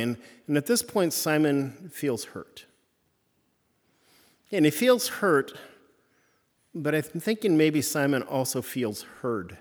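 Male preacher, casual halting delivery, mid pitch, long room reverb. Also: big pitch swings. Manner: halting, conversational, many restarts. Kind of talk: sermon. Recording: reverberant hall.

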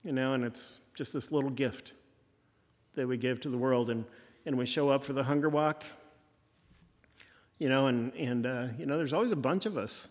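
A man's voice: mid-range voice, moderate pace, long pauses, a little mellow, long reverb tail. A man preaching a folksy, conversational sermon in a church, circling back to the same refrains again and again. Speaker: pastor.

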